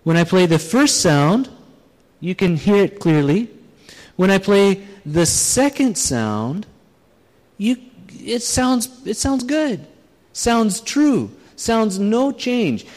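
A man's voice: high-pitched, big pitch swings, slow, a little mellow. A man preaching a sermon, illustrating his points with demonstrations and putting questions to the audience. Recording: long reverb of a large hall.

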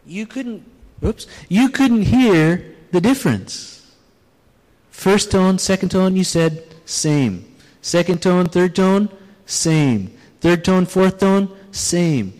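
Guy preaching a sermon, asks the crowd stuff, high voice, long hall echo. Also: slow pace. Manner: animated, questioning the audience. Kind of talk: sermon with demonstrations. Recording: long reverb of a large hall.

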